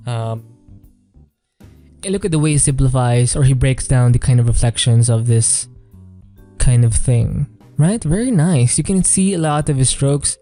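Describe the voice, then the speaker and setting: Chill guy talking through paintings, lots of um and kind of, warm mellow tone. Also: mid-range voice. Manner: relaxed, rambling, many fillers and "kind of". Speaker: artist reviewing artwork. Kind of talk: casual art commentary.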